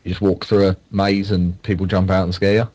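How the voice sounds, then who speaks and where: Young male co-host, lowish voice, rambling storyteller, muffled lo-fi recording. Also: level tone, brisk, a little mellow, slightly rough. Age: young adult. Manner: rambling storytelling with many fillers and restarts. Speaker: podcast co-host. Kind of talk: casual chat.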